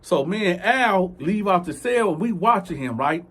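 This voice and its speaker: High-pitched male storyteller, emphatic and profane, who acts out his characters. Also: lively intonation, normal speed, a bit bright. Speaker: storyteller, channel host. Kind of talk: animated prison storytelling.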